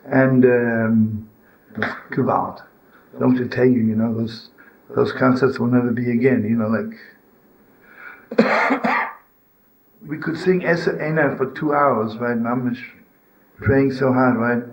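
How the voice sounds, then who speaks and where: A man's voice: slow, long pauses, muffled recording. Older man teaching with stories. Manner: storytelling, with frequent "you know" and "right?"; swings to loud, high scolding when voicing the inner voice. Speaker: rabbi and storyteller. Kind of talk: informal teaching talk.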